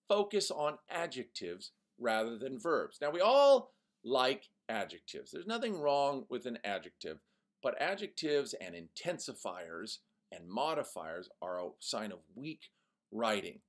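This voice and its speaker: Man, poetry teacher, lowish voice, lively ironic delivery, sing-song example readings. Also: measured pace. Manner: animated, mock-ironic, reads example lines in a sing-song voice. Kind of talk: online lesson for young students.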